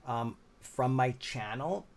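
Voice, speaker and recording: A man's voice: medium pitch, animated, slow pace. Muttering, cursing man hosting a livestream. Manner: mutters and swears at the computer, then cheers on viewers. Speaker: livestream host. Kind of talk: casual livestream chat.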